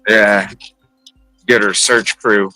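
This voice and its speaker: A man hosting a livestream from his car in heavy rain, chatting in a relaxed, rambling way. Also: fairly low pitch, takes it slowly, dry recording, soft background music, low-quality recording. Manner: relaxed, rambling, thinks aloud. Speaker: livestream host. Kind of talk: casual chat while driving.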